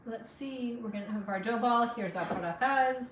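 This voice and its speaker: Cooking live in her home kitchen, a middle-aged Afghan woman with no accent talks chattily with her viewers and encourages them, now and then sniffling from allergies. She speaks at a moderate pace in a fairly high voice, picked up from a distance in a roomy space with a little background noise.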